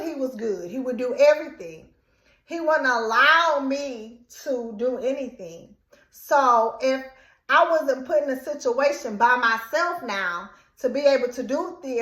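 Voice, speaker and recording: High, slow, bright-voiced woman telling a story. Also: reverberant. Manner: animated, dramatic retelling with quoted outbursts. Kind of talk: casual story time.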